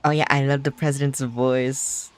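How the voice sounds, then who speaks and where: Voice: medium pitch, level tone, normal speed. Sarcastic, swearing game streamer. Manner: sarcastic, swears often, jokes about the game. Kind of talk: casual live-stream commentary.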